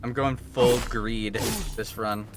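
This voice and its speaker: A man streaming a video game live, reacting in an excitable, joking and profane way. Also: fairly low pitch, takes it slowly. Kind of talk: live gameplay commentary. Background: game music.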